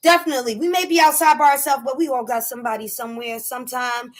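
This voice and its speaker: A woman telling a story to camera in a casual rant, emphatic and animated, acting out her own shouts. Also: high-pitched, quick pace. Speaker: vlogger.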